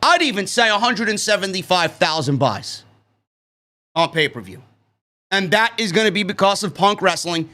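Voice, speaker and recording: Excitable, bright-voiced man streaming live. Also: sits high. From New York. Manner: excitable, swears freely, keeps saying "man". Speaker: wrestling review host.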